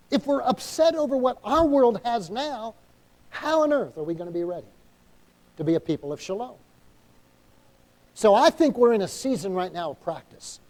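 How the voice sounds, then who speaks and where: A male pastor with a New England accent preaches with a high, warm voice. He is emphatic, stops often for an amen, and acts out small dialogues as he goes. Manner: emphatic preaching, calls for amens; acts out quoted inner dialogue. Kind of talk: sermon.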